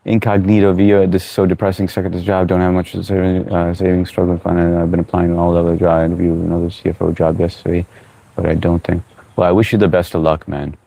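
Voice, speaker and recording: A man hosting a casual live stream, greeting viewers by name, reading their chat comments aloud and giving relaxed, encouraging advice. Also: low-pitched, quick pace, vocal fry, no room sound.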